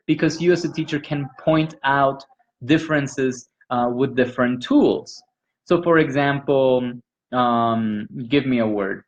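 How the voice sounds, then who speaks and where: A man leads a teachers' workshop in a patient, explanatory way, pausing often on fillers. His voice sits at an ordinary pitch for a man. The recording sounds slightly dull and muffled. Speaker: pronunciation workshop leader. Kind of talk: teaching conversation.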